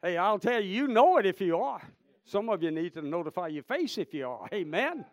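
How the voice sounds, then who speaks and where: A man preaching a revival sermon, swinging between shouted praise and hushed storytelling. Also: sits high, very animated, fairly quick, no echo. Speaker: traveling preacher.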